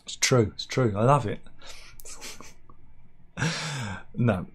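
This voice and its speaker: Man, satirical news vlogger, sarcastic, rambling, deadpan asides, close mic. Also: mid-range voice, slow pace, husky. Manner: sarcastic, mock-serious, mutters asides. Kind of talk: rambling comic news commentary.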